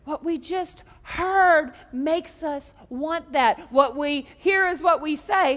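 Woman preacher w a really high voice, jokey and animated, gets the crowd to answer back. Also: slow, few pauses, big-room sound. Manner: animated, joking, call-and-response. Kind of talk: humorous sermon.

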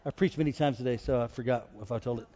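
A male pastor preaching a humorous storytelling sermon, animated and joking, rising into loud exhortation. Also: medium pitch, very fast, in a large hall, muffled recording. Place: church with congregation.

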